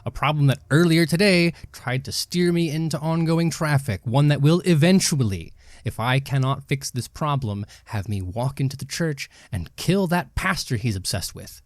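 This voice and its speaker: A man's voice: fairly high pitch, lively intonation, normal speed, dry recording, studio quality. Earnest man playing a tabletop game. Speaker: player. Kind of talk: in-character tabletop roleplay.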